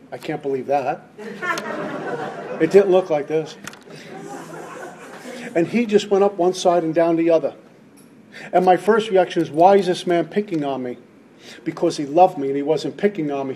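A man's voice: a little high, warm tone, a little hiss or hum. A middle-aged man speaking at a recovery meeting, giving an emphatic, preacherly personal testimony and repeating lines for stress. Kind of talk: impassioned personal testimony talk.

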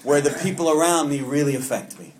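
A man's voice: a little high, quick pace, a crowd in the background, background noise. A man from Long Island, leading a recovery meeting and sharing with the group in an earnest, heartfelt way with self-mocking humor. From Long Island, New York. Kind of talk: personal share to a support group.

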